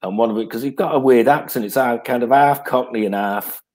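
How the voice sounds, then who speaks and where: A man's voice: medium pitch, brisk, a little mellow. A man, a guest who tells rambling anecdotes in casual chat and laughs as he tells them. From North West England.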